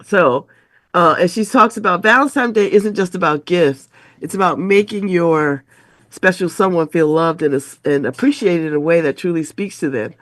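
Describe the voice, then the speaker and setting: A woman's voice: fairly low pitch, moderate pace, a bit bright, dry recording. A middle-aged woman hosting a radio talk show with a stuffy, congested voice, chuckling between remarks as she reads an article aloud.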